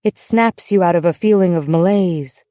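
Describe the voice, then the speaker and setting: A woman narrator voicing a gentle, kindly young woman from next door who speaks softly to a child. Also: fairly low pitch, normal speed, no room sound, clean studio sound, lightly acted. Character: gentle, glamorous young American woman neighbor.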